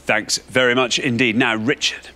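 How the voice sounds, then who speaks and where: A man's voice: mid-range voice, little pitch movement, normal speed, pushed and bright. A man hosting a TV quiz show in a studio, genial and jokey as he talks to the contestants.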